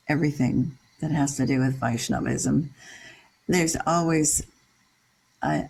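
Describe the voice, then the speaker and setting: An older person leading a scripture class, chanting Sanskrit syllables slowly and explaining verse meter and word meanings in a casual way. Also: mid-range voice, vocal fry, slight background noise, rough recording. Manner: reads out word-by-word glosses in a steady list. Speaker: leader of a scripture reading class.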